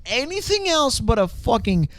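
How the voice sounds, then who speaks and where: A man's voice: extremely high pitch, moderate pace, a little hiss or hum. A man co-hosting a podcast in casual gaming chat, ranting with lots of swearing and laughing, recorded in person. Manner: profane, animated ranting with laughter. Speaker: podcast co-host.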